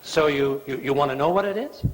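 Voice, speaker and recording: A man's voice: on the high side, brisk, natural voice. A man voicing an exasperated male prophet who bites out every word with sarcasm. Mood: sarcastic. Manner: clipped, gritted-teeth sarcasm. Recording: long church reverb.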